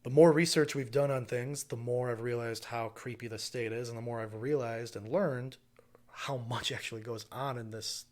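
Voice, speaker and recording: A man's voice: medium pitch, normal speed. A man from Wisconsin co-hosting a podcast, chatting casually in a loose, rambling way with lots of fillers. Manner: relaxed, rambling with many fillers. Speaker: podcast co-host.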